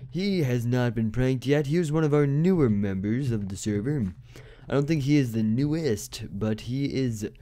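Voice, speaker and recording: A man's voice: mid-range voice, dark tone. A man giving casual game commentary, rambling with many fillers and restarts. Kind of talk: casual let's-play commentary.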